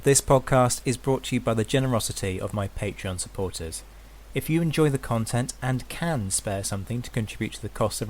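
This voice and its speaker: A man's voice: fairly low pitch, darkish tone, a little hiss or hum. A man hosting a history podcast, talking in an enthusiastic, chatty way with frequent restarts. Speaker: podcast host. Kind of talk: casual podcast chat.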